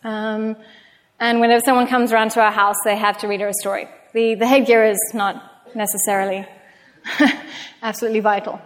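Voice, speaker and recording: A woman's voice: a little high, little pitch movement, fairly quick. A woman giving a public talk, telling chatty, self-mocking anecdotes to an audience. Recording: long hall reverb.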